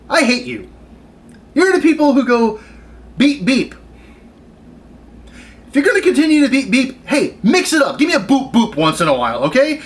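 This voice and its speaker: A man's voice: very high voice, fairly bright tone. A man in his thirties ranting on camera about his retail job, exasperated and sarcastic. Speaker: retail worker venting on camera. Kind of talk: comedic rant vlog.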